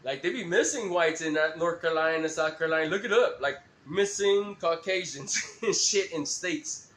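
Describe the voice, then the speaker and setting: A man's voice: fairly high pitch, normal speed, hardly any pauses, fairly bright tone, echoey room. A man rambling through a profane, laugh-filled story on a live stream.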